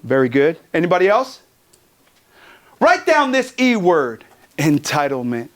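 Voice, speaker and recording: A man from California giving a motivational keynote, energetic and profane, joking with the crowd in a conference hall. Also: on the high side, measured pace. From Pomona, California. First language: Tongan. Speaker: keynote speaker.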